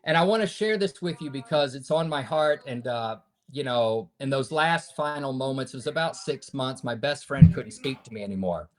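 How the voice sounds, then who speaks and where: Man in his fifties, earnest, preacher-like storytelling, mid-pitched voice, loud then hushed. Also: normal speed, few pauses. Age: 50s. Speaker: podcast guest. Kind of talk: emotional personal storytelling.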